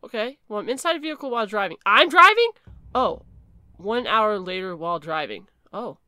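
Woman, casual game commentary, chatty and excitable, very animated pitch. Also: a little fast, dry recording, studio quality. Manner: chatty, excitable, reads game text aloud. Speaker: gaming video creator.

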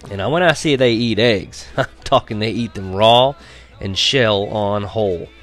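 A man's voice: lowish voice, a bit bright. A man narrating a children's novel in a wry, chuckling storytelling manner. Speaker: audiobook narrator. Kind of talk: scripted narration.

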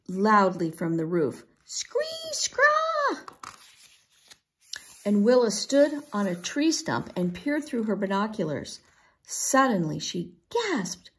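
A woman reading a children's chapter book aloud, expressive and unhurried. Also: mid-range voice, creaky. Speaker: storybook reader. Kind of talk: children's read-aloud narration.

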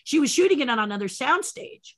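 Lively older woman telling stories. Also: fairly quick. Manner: lively storyteller who acts out voices with big jumps in pitch. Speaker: interview guest, former set designer and puppeteer. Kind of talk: animated anecdote telling.

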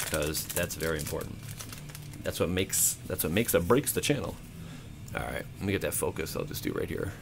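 Excitable man opening card packs. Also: fairly low pitch, slight background noise. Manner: excitable, swears freely, counts out loud. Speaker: card-opening channel host. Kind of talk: excited casual commentary. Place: home room.

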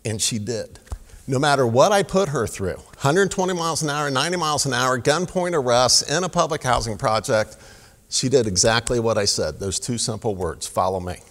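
A man's voice: mid-range voice, moderate pace. A man who is a police officer, speaking as a guest in church and telling a story with acted-out dialogue. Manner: animated storyteller, acts out dialogue. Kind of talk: storytelling sermon. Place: church sanctuary. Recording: long hall reverb.

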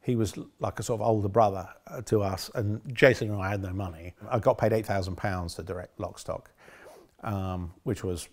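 A man's voice: lowish voice, fairly even intonation, normal speed. A middle-aged man, a film director, looking back on making a film in a rambling, self-correcting way. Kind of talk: reminiscing interview.

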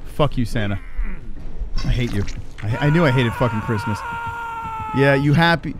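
A man giving live commentary on his own gameplay, swearing and reacting in excitable panic. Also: medium pitch, moderate pace, background noise. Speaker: streamer.

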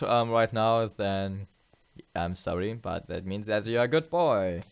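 Tired guy doing a let's play, lowish voice, stumbles and rambles a lot. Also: clean tone, dry recording. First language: German. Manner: rambling, halting, many fillers and self-corrections. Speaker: gameplay channel host.

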